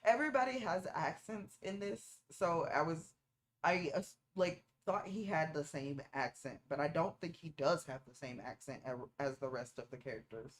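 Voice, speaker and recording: A low-voiced woman streamer teasing chat. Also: moderate pace. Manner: playful, teasing, nitpicking small details. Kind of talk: casual movie-watching reaction commentary.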